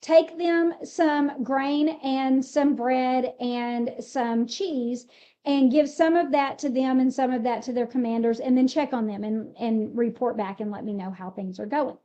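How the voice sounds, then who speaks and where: A woman's voice: sits high, unhurried, dark tone, lo-fi sound. A woman voicing David's elderly father as he gives his son errands, in a Bible retelling. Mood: instructing.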